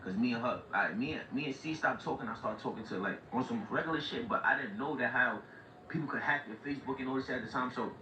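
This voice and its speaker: A man's voice: mid-range voice, fast, sharp tone. A man on a livestream telling a long story in casual street slang, full of "like" and "right?". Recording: far-off echoey lo-fi mic with noise.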